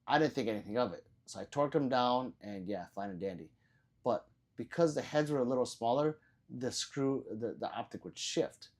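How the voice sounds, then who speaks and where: A man's voice: medium pitch, expressive, moderate pace, darkish tone. Male streamer, casual and swear-prone, chuckling through viewer comments; voice swings up and down a lot. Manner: laughs often, swears casually, reads viewer comments aloud. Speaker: livestream host reading chat. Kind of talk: casual live-stream chat.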